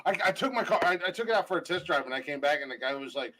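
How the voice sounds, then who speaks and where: A man's voice: a little high, expressive, very fast, bright, forceful tone, low-quality recording. A man co-hosting a casual podcast chat, telling rambling stories with restarts and swearing. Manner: rambling storyteller with restarts and profanity. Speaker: podcast co-host.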